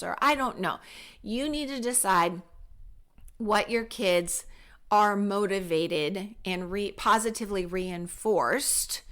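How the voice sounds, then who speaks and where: A woman's voice: medium pitch, fairly bright tone. A middle-aged woman hosting a parenting podcast, upbeat and encouraging, acting out little quotes with big leaps in her voice. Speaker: podcast host.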